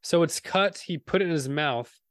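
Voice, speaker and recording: A man with a fairly high voice, recorded dry and close with no room sound. He co-hosts a casual podcast chat and delivers his jokes in a dry, offhand way. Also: moderate pace, a bit bright, no room sound. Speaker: podcast co-host.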